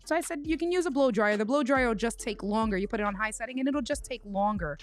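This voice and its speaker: A woman's voice: a little high, soft background music. A woman hosting a casual livestream, telling a tech mishap story and greeting viewers by name with lots of restarts. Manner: tells stories with quick restarts. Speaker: livestream host.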